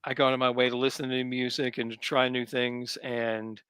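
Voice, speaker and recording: A man's voice: medium pitch, little pitch movement, brisk, a loud crowd. A man, a comics writer, talking easily as a guest in a casual interview, thinking aloud as he goes. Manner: easygoing, thinks aloud with ums.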